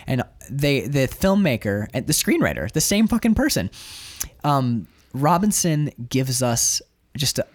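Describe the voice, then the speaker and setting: A man's voice: mid-range voice, measured pace, no room sound, studio quality. A man co-hosting a podcast, talking casually and emotionally with frequent swearing and restarts. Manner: animated, emotional, swears freely, many restarts. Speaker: podcast co-host reviewing a film. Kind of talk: casual chat.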